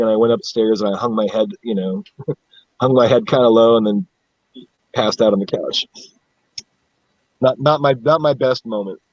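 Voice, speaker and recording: Husky, rambling man from upstate New York. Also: medium pitch, animated, a little fast, darkish tone, no echo, dull audio. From central upstate New York. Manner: rambling, swears a lot, laughs at himself. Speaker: guest on a live stream. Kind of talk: casual chat.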